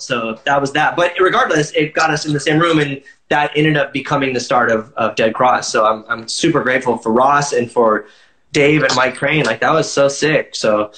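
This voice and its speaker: A man's voice: fairly high pitch, sharp tone, echoey room, slight background noise, low-quality recording. A man guest telling a casual story in an interview, rambling with lots of filler words and swearing freely. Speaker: musician guest. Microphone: livestream phone or video call.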